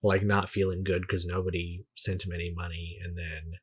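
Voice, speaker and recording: Here the podcast co-host sounds low, flat and slightly rough, speaking at a moderate speed. He's a man reading movie trivia on a casual review show, stumbling and restarting phrases as he goes.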